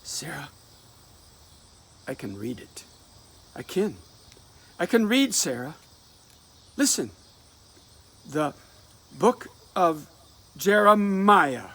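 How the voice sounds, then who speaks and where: A man's voice: on the high side, very animated, extremely slow, pauses often, a bit bright, breathy edge, heavily acted. A man doing a defiant young man. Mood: defiant, wistful. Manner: teasing, confident, rural dialect. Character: bold young man, nineteen, restless and defiant. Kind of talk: dramatic reading of a play.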